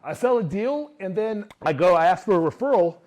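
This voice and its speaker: A man giving a motivational talk to a live audience, telling his story in an animated way and acting out what others said. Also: high voice, brisk. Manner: animated storyteller who acts out quotes. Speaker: speaker.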